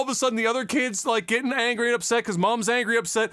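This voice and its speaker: A man in his thirties co-hosting a podcast, telling a story in casual chat, animated, laughing often and swearing freely. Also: very high voice, quick pace, no echo, clean studio sound. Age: 30s. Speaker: podcast co-host.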